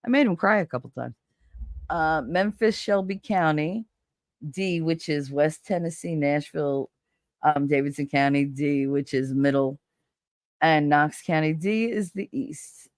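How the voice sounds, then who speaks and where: Her voice is low-pitched and unhurried, captured in clean studio sound without room noise. This stream co-host chats casually, telling stories full of swearing and laughter while animatedly acting out the voices of people she quotes.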